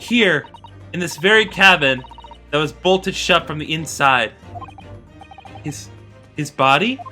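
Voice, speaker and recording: A woman's voice: low voice, animated, takes it slowly, sharp tone, soft background music, full character voice. A woman voicing a fierce young female assistant from a game, speaking formally and theatrically. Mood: pleading. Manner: formal, stern, theatrical accusations.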